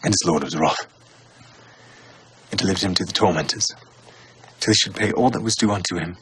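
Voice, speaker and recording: A man giving a solemn, measured reading of the gospel in old-fashioned English. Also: low-pitched, fairly bright tone, slight background noise. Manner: measured, unhurried phrasing. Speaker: scripture reader.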